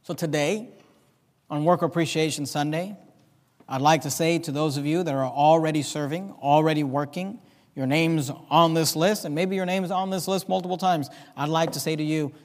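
A man preaching a sermon as pastor, reading scripture aloud with slow, emphatic stress in a church. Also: on the high side, steady tone. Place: church sanctuary. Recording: long reverb of a church hall.

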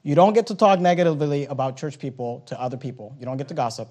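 A man with a high voice preaches with animated energy, jumping into acted-out exchanges between people. He drives his points home bluntly and drops in wry jokes along the way. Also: fast. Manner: animated preaching with acted-out dialogue and rising emphasis; blunt, joking asides. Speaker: pastor. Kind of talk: sermon.

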